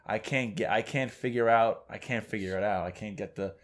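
A man's voice: fairly low pitch, fairly quick. A man co-hosting a podcast in casual chat, chatty and teasing, saying "dude" a lot. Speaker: podcast co-host.

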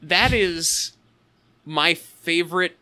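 A man's voice: fairly high pitch, drawn-out words, bright, forceful tone. A man co-hosting a casual podcast, riffing playfully and laughing easily. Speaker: podcast co-host. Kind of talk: casual chat.

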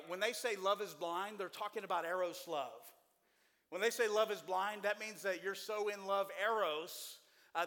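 A man's voice: high voice, fairly bright tone. Folksy joking man preaching in a reverberant church. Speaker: pastor. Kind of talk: sermon. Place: church sanctuary with congregation.

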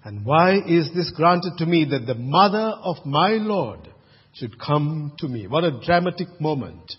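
A man's voice: on the high side, very animated, a little slow, slightly rough, big-room sound, lo-fi sound. A man from Sri Lanka preaching a sermon as pastor, chatty and asking the congregation questions. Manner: conversational, asks the congregation questions.

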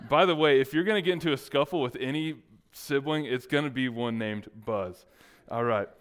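A man's voice: medium pitch, normal speed, few pauses, smooth. A man preaching as a pastor, joking and teasing his congregation between points. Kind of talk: sermon with playful asides.

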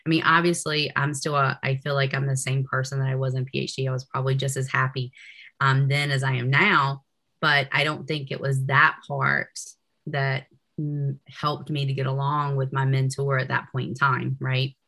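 Bright-voiced chatty woman researcher. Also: rumbling low, little pitch movement, moderate pace. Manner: chatty, peppers speech with "you know". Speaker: guest researcher. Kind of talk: casual interview chat.

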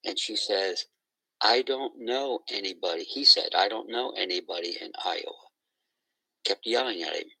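A middle-aged man, a guest on an interview, retelling a story and quoting others in a lively conversational way. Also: low voice, normal speed, vocal fry, dry recording, poor audio.

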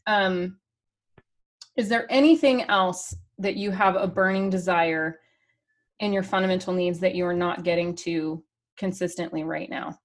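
A woman's voice: on the low side, steady tone, a little slow. A woman coaching a mother on a call, upbeat and practical, often laughing and acting out little quoted exchanges.

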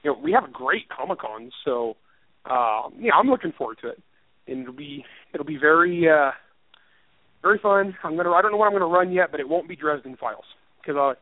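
A man who is an author rambles through a casual interview, laughing often and poking fun at himself. His voice sits a little high for a man. The sound is tinny and phone-like, with a dry room. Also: expressive, brisk, no echo. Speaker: author and writing teacher.

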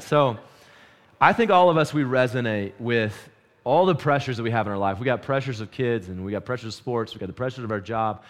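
Man, pastor, casual sermon, lively storytelling, asks the room questions. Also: mid-range voice, quick pace. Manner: quiet and hushed in prayer.

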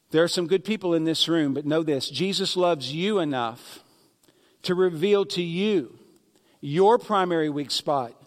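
A man's voice: fairly high pitch, in a large hall. A man pastor delivering a sermon in a conversational preaching manner, with sarcastic asides, in a church sanctuary.

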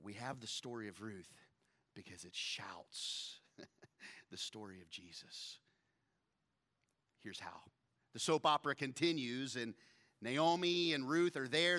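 A man's voice: medium pitch, a little slow. A man in his thirties preaching a sermon, retelling a scripture story with humor and acting out the characters' lines. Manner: animated storyteller, acts out characters. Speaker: pastor.

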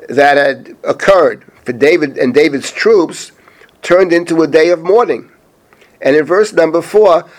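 A middle-aged man with a slightly high-pitched voice teaches a chapter of scripture as a rabbi. He reads Hebrew verses at a deliberate pace, then translates them and explains their meaning in a steady teaching manner. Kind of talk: spoken Bible lesson.

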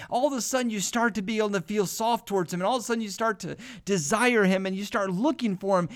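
A man's voice: high-pitched, quick pace, hardly any pauses. A man hosting a devotional podcast, talking earnestly in a loose, repetitive preaching style and often saying "man". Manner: earnest, repeats himself, says "man" often. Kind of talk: informal spoken devotional.

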